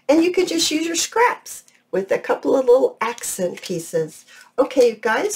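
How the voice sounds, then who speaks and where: A woman hosting a craft tutorial vlog, chatting warmly and gushing over her projects as she works. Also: medium pitch. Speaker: crafting channel host.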